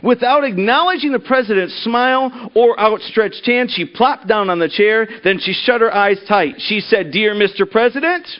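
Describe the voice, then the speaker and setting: A man's voice: high voice, normal speed, hardly any pauses. A man preaching a sermon and reading a story aloud, earnest, often repeating words as he starts a thought. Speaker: pastor. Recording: dull lo-fi recording.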